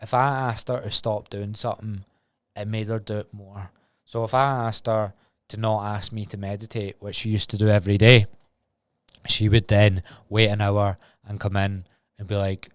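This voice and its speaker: A man's voice: on the low side, flat delivery, normal speed, clear, resonant tone, dry recording, studio quality. A Scottish man in his twenties talking candidly and rambling on a solo podcast, swearing freely. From Scotland. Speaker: podcast host.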